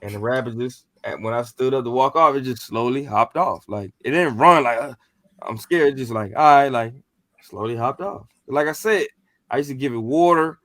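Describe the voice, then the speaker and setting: A man's voice: mid-range voice, normal speed, no room sound. Profane man telling a ghost story casually. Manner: animated, profane, slangy, acts out what he said.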